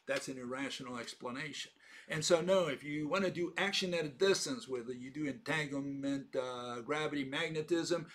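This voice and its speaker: Guy ranting a lecture, kinda high voice, keeps repeating himself and asking questions. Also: a bit bright. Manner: argumentative, repetitive, emphatic with rhetorical questions. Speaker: host. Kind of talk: lecturing monologue.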